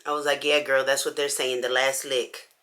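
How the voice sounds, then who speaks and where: A woman's voice: very deep voice, normal speed, a little hiss or hum. A woman vlogger telling a story in casual slang while she does her makeup, acting out each person's lines. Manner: animated, acts out everyone's lines in the story; casual slangy talk with many "like"s. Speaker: beauty vlogger.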